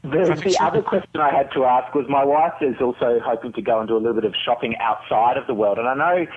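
A husky-voiced Australian man phones in to a chat show, polite and unhurried, with pauses and fillers as he asks his questions. He comes through a thin, tinny phone line. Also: medium pitch. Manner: polite, hesitant, with many uhs. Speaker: caller. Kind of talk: casual call-in chat.

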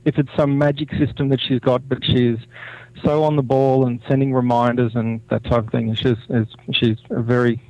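A man's voice: mid-range voice, flat delivery, moderate pace, a little mellow, no room sound. Male caller, dry muffled call line, friendly and chatty. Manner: friendly, repeats words while talking. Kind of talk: phone call-in chat.

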